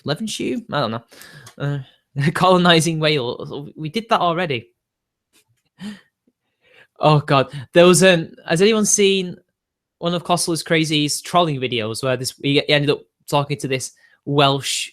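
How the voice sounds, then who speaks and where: A man's voice: a little high, measured pace, long pauses, a bit bright. A young man, arguing defensively with his live-stream chat and laughing between points.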